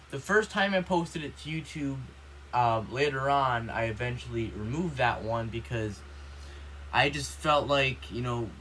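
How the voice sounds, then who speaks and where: Male vlogger, mid pitch, rambling indignant rant, swears freely, faint background noise. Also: pushed and bright. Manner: rambling, heavy use of "you know", repeats himself; indignant, swears when upset. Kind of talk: casual ranting vlog.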